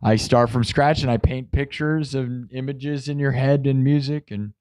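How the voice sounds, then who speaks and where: Brief: male livestream host, casual, goofy and jokey, reads chat out loud. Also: mid-range voice, normal speed. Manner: goofy, joking, reads viewer comments aloud. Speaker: livestream host and improvising musician.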